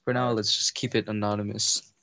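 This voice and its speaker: A man's voice: on the low side, level tone, a little fast, sharp tone. Teenage boy chatting casually on a call. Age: teens. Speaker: co-host. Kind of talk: casual chat.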